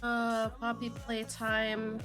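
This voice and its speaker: A woman's voice: on the high side, monotone, slow pace, music in the background. A woman streaming a game live, chatting casually with her viewers in a giggly, flustered way and laughing often.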